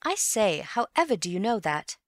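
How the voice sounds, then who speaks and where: A woman reading an audiobook and voicing an eager, excitable young Englishman who is easily puzzled, with quick, breathless exclamations. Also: medium pitch, no room sound, clean studio sound, pitched above the performer's own voice, natural voice. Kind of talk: audiobook character voice.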